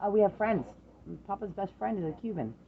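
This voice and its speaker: A middle-aged parent in a casual chat with their adult daughter, telling lively stories, swearing freely and acting out the voices of the people in them. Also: mid-range voice, a little fast, narrow, tinny audio, a crowd in the background. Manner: animated storyteller, swears freely, acts out quoted voices.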